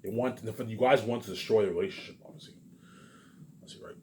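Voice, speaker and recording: Fairly low-pitched with a darkish tone, this vlogger speaks fairly quickly amid slight background noise. He rambles casually to his viewers, frequently repeating himself and swearing freely.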